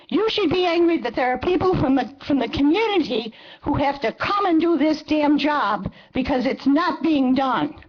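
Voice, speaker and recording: A woman in her seventies giving an angry, impassioned public comment at a council meeting. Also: sits high. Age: 70s. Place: council chamber. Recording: dull lo-fi meeting recording.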